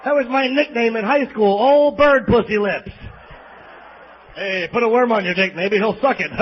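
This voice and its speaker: A man with a New York accent delivers a crude, self-mocking stand-up set in a very high voice. He sounds brash and blunt with a live crowd. The sound is a dull, muffled bootleg tape with a faint hiss underneath. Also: measured pace. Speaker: stand-up comedian. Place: live club theater.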